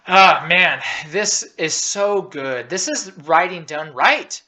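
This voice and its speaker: A man's voice: high voice, slow pace, pushed and bright, faint music behind. A man hosting a scene-by-scene breakdown, talking casually and enthusiastically over clips, emotional and rambling with restarts. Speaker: host reviewing a show scene by scene.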